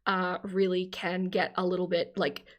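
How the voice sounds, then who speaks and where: A woman's voice: on the low side, level tone, moderate pace. An Australian woman hosting a live stream, chatting casually with viewers, laughing often and enunciating carefully. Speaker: livestream host.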